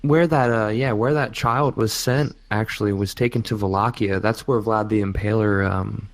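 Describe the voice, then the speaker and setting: A man guesting on a casual podcast, chatting in a relaxed way with fillers. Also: fairly low pitch, normal speed.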